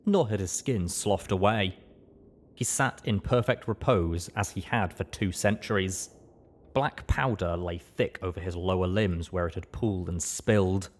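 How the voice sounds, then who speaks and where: A man reading a first-person fantasy audiobook in an expressive storytelling manner. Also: low voice. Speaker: audiobook narrator.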